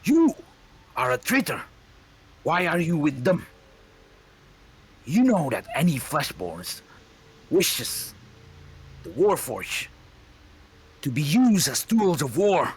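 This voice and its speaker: A man voicing a hostile male Warforged soldier, a fanatical construct who shouts his accusations. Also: mid-range voice, slow, pauses often, husky, voice pushed up, full character voice.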